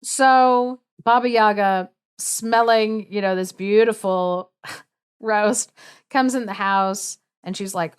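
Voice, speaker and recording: A woman's voice: mid-range voice, takes it slowly, clean tone. A woman podcast host who retells a folktale in a chatty, wry, casual style with comic asides. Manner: chatty, wry, laughs through lines.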